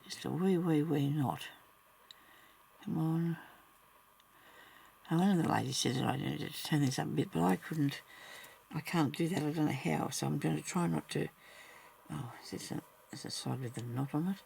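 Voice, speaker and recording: A woman's voice: sits low, moderate pace, creaky, darkish tone, husky. A woman talking along casually as she works on embroidery, muttering to herself and chatting to her viewers. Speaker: crafter narrating her embroidery work. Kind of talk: casual talk-along crafting vlog.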